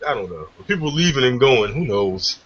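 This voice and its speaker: A man co-hosting a casual podcast with dry, deadpan remarks. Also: mid-range voice, brisk. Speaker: podcast co-host. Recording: dull lo-fi audio, off mic.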